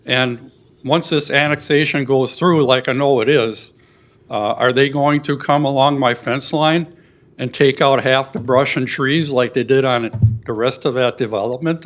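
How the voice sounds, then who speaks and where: An older man giving a public comment at a city meeting, earnest and halting, getting emotional at times. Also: medium pitch. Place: city council chamber.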